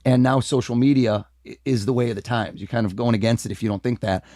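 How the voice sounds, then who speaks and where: A man from the United States, a mentalist guest, talking in a casual interview in a lively, animated way. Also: medium pitch, quick pace, no echo, studio quality. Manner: energetic, animated, acts out quoted voices.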